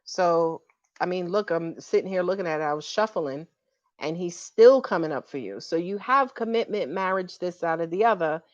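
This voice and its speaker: A woman's voice: lowish voice, lively intonation, moderate pace, no room sound, highs cut off. Frank, chatty woman tarot reader. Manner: chatty, frank and playful, swears freely. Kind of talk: casual tarot reading to viewers.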